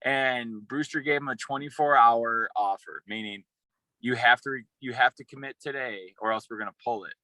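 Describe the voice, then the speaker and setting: A young man, a former college football player, telling a rambling, excited story in a casual interview, with many restarts. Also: mid-range voice, normal speed, no room sound, poor audio.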